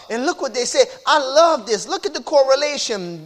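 A male preacher giving a sermon in a colloquial, repetitive style that builds from quiet explanation to shouted exclamations. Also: very high-pitched, animated, normal speed, few pauses. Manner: colloquial, uses y'all.

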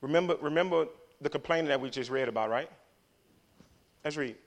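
A man preaching a passionate sermon, swinging from low murmurs to loud emphatic declarations. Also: fairly quick.

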